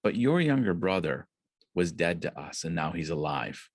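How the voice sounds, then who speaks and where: A man doing a gentle, forgiving father. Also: deep voice, sing-song, moderate pace, no echo, clean studio sound. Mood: tender.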